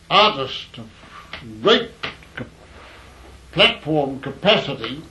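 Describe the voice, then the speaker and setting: A man's voice: a little high, fairly bright tone. Wry New man spinning yarns. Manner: wry, rambling, with fillers and restarts. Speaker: storyteller. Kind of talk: anecdotal storytelling. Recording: dull lo-fi recording.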